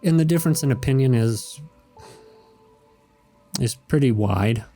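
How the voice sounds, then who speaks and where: A man's voice: medium pitch, animated, a little slow, dark tone, faint music behind. A man hosting a show where he reads comic strips, chatting casually in a rambling, hesitant way and chuckling now and then. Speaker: host.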